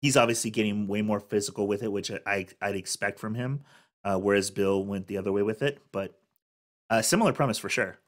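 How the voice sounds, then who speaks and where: A man's voice: on the low side, fairly quick. Chatty man reacting to a comedy clip. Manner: chatty, self-interrupting, laughs and groans. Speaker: reaction video host. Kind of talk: casual commentary.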